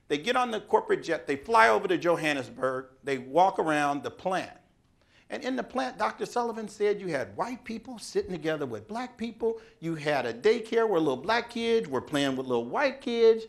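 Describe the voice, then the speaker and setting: A man giving a speech, telling a story in an animated, dramatic way. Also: fairly high pitch, normal speed, creaky. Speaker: speaker.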